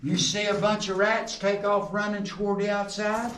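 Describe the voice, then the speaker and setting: A middle-aged man guides a group through an underground coal mine. He tells folksy stories and jokes, and his fairly high voice echoes off the tunnel walls. He is recorded from a distance, with some faint noise behind him. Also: little pitch movement, normal speed, fairly bright tone. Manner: folksy joking storyteller, quizzes the group. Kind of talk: guided tour talk to a group.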